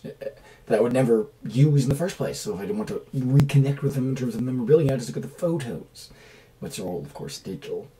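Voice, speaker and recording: A man's voice: on the low side, mellow, low-quality recording. A man talking in a rambling, enthusiastic vlog monologue from a small rented room, now and then dropping to a mutter. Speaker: vlogger.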